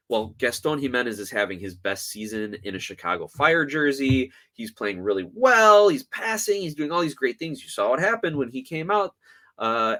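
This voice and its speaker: Male sports podcast host, slightly high voice, very animated, sarcastic and fed up. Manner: exasperated, sarcastic, emphatic. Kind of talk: opinionated sports podcast rant.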